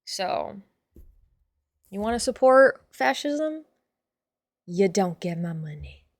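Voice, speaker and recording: A woman hosting a casual stream, chatting with viewers in an animated, sweary way. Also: medium pitch, slow, no room sound, studio quality. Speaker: streamer host.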